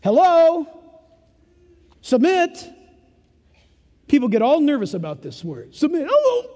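An older man preaching a sermon in a punchy, folksy way that swings between loud emphasis and hushed asides. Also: extremely high pitch, huge pitch swings, unhurried. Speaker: pastor. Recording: echoey hall reverb.

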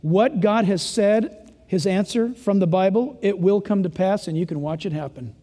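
A man preaching a sermon, emphatic and exclamatory, swinging from loud to hushed. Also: high voice, moderate pace, big-room sound.

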